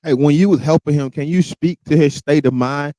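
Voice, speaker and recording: A man interviewing a guest, asking calm, probing questions. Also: fairly high pitch, fairly quick, dry recording.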